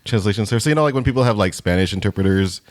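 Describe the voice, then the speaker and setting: A man's voice: on the low side, very fast, dry recording, clean studio sound. A Filipino American man co-hosting a podcast, chatting in a playful, joking way. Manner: playful, animated, slips into silly voices. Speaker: podcast co-host. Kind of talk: casual podcast chat.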